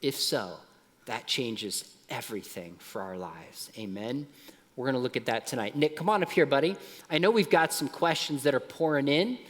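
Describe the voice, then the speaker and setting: A middle-aged man giving a lively talk at a youth conference, dropping soft and low at emotional points. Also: normal speed, big-room sound. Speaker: conference speaker. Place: large conference hall.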